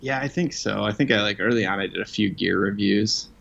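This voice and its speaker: A man's voice: fairly low pitch, fairly quick, gravelly, fairly bright tone. A man being interviewed as a guest, talking in a casual, self-deprecating, rambling way with lots of fillers. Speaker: guest, outdoor writer. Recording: dull lo-fi sound.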